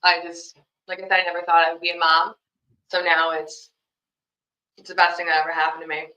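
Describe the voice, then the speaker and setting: A woman's voice: fairly low pitch, little pitch movement, a little fast, pushed and bright. A young woman, a mother, answering interview questions in a casual, rambling way full of fillers. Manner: rambling, heavy on fillers like "you know" and "like". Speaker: podcast guest, young mother. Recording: roomy, dull lo-fi sound.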